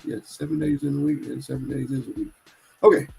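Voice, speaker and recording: A man's voice: mid-range voice, steady tone, fast, vocal fry, a little mellow, husky, poor audio. A man hosting his own live stream, chatting casually and rambling, often correcting himself. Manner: rambling and self-correcting, churchy.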